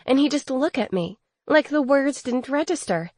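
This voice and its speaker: A bubbly, gossipy young fairy masseuse chatters in a lifted, lively voice, as a woman reads her. The sound is close and dry, with no room around it. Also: high-pitched, moderate pace, no room sound, voice pushed up. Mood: excited, complaining.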